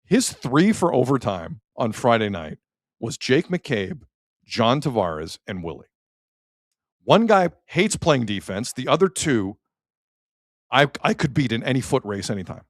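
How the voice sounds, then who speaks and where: A man with a Canadian accent hosting a sports talk show, opinionated and animated, reacting to chat comments. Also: medium pitch, measured pace, no room sound, studio quality. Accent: Canadian English.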